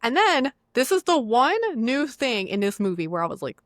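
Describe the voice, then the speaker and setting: A woman's voice: a little high, sing-song, moderate pace, fairly bright tone, no room sound, studio quality. A young woman co-hosting a podcast, recapping a film in casual chat, acting out the characters' lines and swearing freely. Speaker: podcast co-host.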